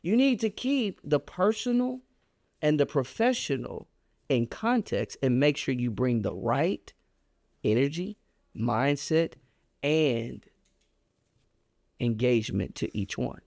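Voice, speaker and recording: A man telling a personal story on a podcast, animated and emphatic in a casual, colloquial way. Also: slow pace, vocal fry, long pauses, dry recording, studio quality. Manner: animated, emphatic storyteller with a wide pitch swing; casual and colloquial, reflective when making his point.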